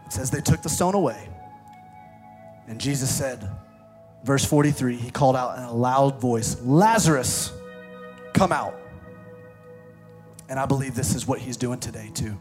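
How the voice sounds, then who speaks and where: A man preaching a sermon with passion, climbing to fervent shouts and then dropping to a hushed, prayerful tone. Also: mid-range voice, moderate pace, soft background music. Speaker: pastor. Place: church service streamed online.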